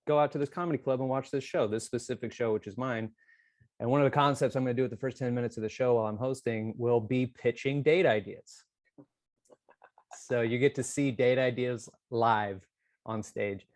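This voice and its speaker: Excitable man joking on a dry mic. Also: dry recording. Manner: excitable, teasing, jumps up in pitch when joking. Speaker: podcast co-host. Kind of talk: casual comedic chat. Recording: dry close mic on video call.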